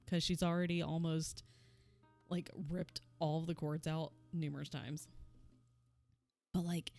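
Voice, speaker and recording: A young woman streamer chatting casually at her home setup, soft-spoken and full of "like" and little laughs. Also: on the low side. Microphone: desk microphone.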